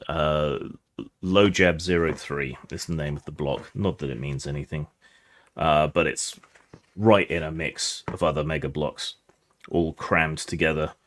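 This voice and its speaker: A man narrating as game master of a tabletop game, relaxed and descriptive with many fillers. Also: extremely low pitch.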